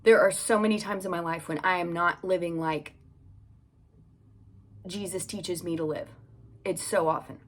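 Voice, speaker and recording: Recording in a home closet, a woman with a fairly low voice hosts a devotional podcast, chatting casually and reading scripture aloud as a form of relaxed Bible teaching. Her intonation is fairly even, her pace moderate, and she leaves long pauses.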